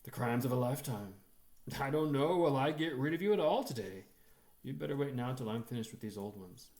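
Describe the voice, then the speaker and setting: A man voicing a brusque but kindly young male priest who scolds gruffly and teases gently. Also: mid-range voice, expressive, brisk, reverberant, natural voice. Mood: wry. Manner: gruff, stern scolding turning gently wry.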